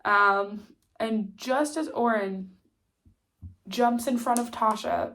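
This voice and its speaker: A woman's voice: on the high side, takes it slowly, pauses often, a bit bright. A woman with a stuffy nose casually recapping a TV series, chatty and full of "like" and "um". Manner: chatty, lots of "like" and "um" fillers. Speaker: TV recap vlogger.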